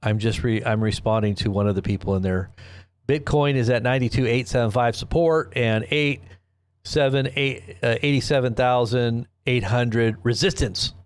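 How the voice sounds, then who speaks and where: A man's voice: mid-range voice, normal speed, clear, resonant tone, no echo. Guy hosting a live news stream, rambly and jokey, keeps cutting himself off, mid voice, dry close sound. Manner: rambling, self-interrupting, joking. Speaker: host. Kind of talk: casual livestream commentary.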